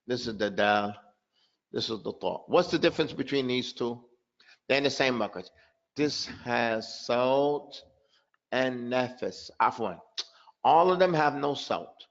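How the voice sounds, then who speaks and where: A man teaching a live online pronunciation lesson, repeating example words and asking his students quick questions. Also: mid-range voice, dull audio. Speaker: tajweed teacher.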